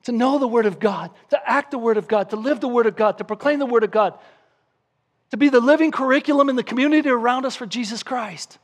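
Pastor, male, high-pitched voice, emphatic sermon delivery with scripture readings. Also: fast talker. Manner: emphatic preaching, acts out a crying baby with shouts; reads scripture aloud.

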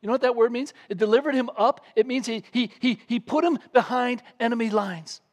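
Male pastor with a high voice, animated pulpit sermon in church. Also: brisk. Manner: animated preaching, acting out scenes with raised voice.

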